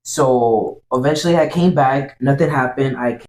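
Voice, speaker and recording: A man's voice: mid-range voice, moderate pace, a little mellow. A young man telling a story in a casual, rambling way, swearing a lot and repeating himself. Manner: rambling, profane, repeats "I was like". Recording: echoey room.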